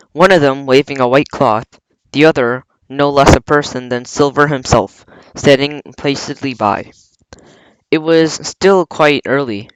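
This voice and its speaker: A man reading a novel aloud in a plain, steady way, with small slips and some throat clearing. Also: medium pitch, no echo, rough recording. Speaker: audiobook reader.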